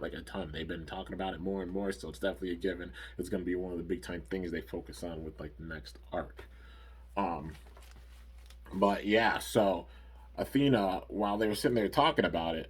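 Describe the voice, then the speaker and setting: A man with a deep, slightly husky voice talks through a cartoon episode in a loose, rambling recap. He leans on fillers like "like" and "you know" as he goes. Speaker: anime episode reviewer.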